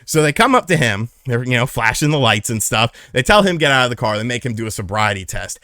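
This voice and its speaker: A man's voice: medium pitch, sing-song, fast talker, pushed and bright, no room sound. A young man casually telling a personal story, candid and profane, on a close mic. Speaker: vlogger.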